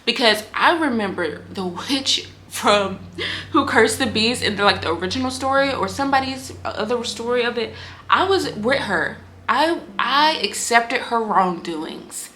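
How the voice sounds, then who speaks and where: A woman giving a casual book review on her vlog, talking in an animated, candid way, swearing freely and acting out lines from the story. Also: fairly high pitch, unhurried, a little hiss or hum. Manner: animated, candid and profane, acts out quotes.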